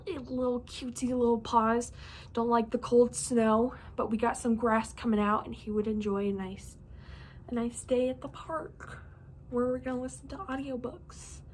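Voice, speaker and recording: A woman's voice: a little high, darkish tone, a little hiss or hum. A young woman chatting casually about books in a rambling, bubbly way, sleepy and yawning now and then. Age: young adult. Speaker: reading vlogger. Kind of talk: casual chat.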